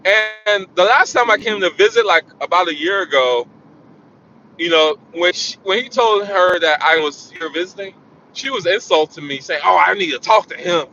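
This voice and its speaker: A man casually telling a personal story in an animated way, repeating phrases for emphasis. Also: high voice, normal speed, a little hiss or hum. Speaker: vlogger. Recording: dull lo-fi sound.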